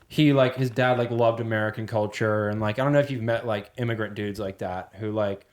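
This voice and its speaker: A man's voice: fairly low pitch, fairly even intonation, fairly quick. A man co-hosting a podcast, chatting casually and throwing in sarcastic jokes. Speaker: podcast co-host. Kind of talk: casual chat.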